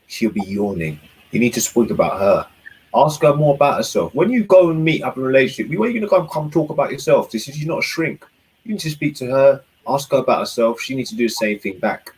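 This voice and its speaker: A man's voice: medium pitch, lively intonation, quick pace, a little mellow, breathy edge, poor audio. A young man chatting casually and laid-back, giving dating advice. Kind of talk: casual chat.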